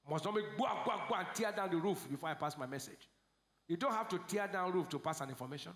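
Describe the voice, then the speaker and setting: Nigerian male pastor, high voice, call-and-response sermon, roomy hall. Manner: call-and-response preaching, swings from shouts to low asides. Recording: echoey church hall.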